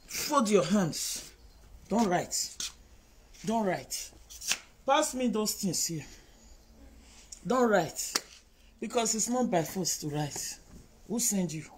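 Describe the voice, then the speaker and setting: Nigerian accent, scolding, repetitive lecturing, middle pitch, faint hiss behind. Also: a little mellow, low-quality recording. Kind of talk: scolding monologue to online commenters.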